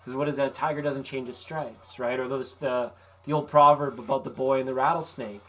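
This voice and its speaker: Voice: mid-range voice, brisk, faint music behind. Laid-back tarot host chatting live. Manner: relaxed, folksy and encouraging, with casual swearing. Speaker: tarot reader hosting a live stream. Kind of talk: casual live-stream chat with viewers. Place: vacation rental.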